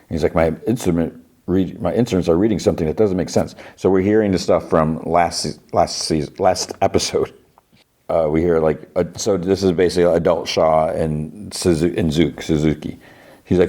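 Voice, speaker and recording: Deep-voiced man recapping a show. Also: fairly even intonation, a little fast, dark tone. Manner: acts out dialogue in loose voices; lots of "he's like" and restarts. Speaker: podcast host. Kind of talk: casual episode recap.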